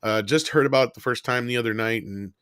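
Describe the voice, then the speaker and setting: A man's voice: medium pitch, quick pace, a bit bright, clear, resonant tone, dry recording. Male co-host, wry and profane, reads viewer chats; dry, close recording. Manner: wry, swears casually, reads viewer messages. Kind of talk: casual livestream chat.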